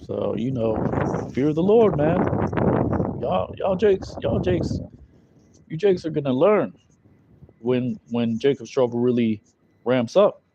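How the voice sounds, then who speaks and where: A man's voice: medium pitch, animated, takes it slowly, vocal fry, long pauses, heavy background noise. A man teaching scripture in a loose, conversational way, full of fillers and tag questions. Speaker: Bible teacher. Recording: dull lo-fi recording.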